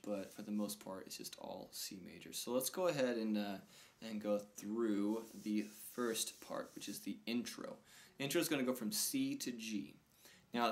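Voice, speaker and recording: A man giving a casual guitar lesson, counting beats aloud and calling out chords as he plays. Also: lowish voice. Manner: relaxed, counts beats aloud over strumming. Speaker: guitar teacher. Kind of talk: casual instructional talk. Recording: talk over loud acoustic guitar.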